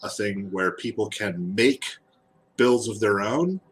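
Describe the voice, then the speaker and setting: A man, an artist and guest, chatting casually while he draws, halting and repeating words as he goes. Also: on the low side. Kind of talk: casual chat while drawing.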